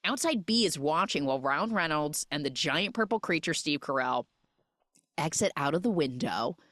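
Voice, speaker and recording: Woman podcaster, young adult, sarcastic, animated, lively swooping pitch, dry close sound. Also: no echo. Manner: animated, sarcastic, fast storytelling with quoted voices. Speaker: podcast host. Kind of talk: casual film recap chat.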